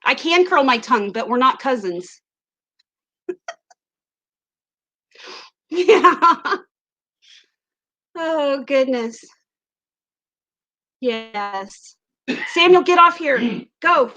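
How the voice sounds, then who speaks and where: A woman's voice: high voice, animated, very slow, long pauses, pushed and bright. A chatty woman with an Ozarks accent who hosts a casual livestream, giggling often and reading viewer comments aloud into a webcam mic. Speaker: livestream host.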